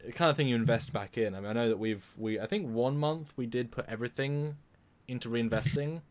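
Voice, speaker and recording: This is a man co-hosting a live stream in a loose, chatty way. He rambles, trips over his words and starts over often. His pitch sits in the middle of the usual range. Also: fairly quick. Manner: rambling, with many restarts and repeated words. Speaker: livestream co-host. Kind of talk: casual live-stream chat.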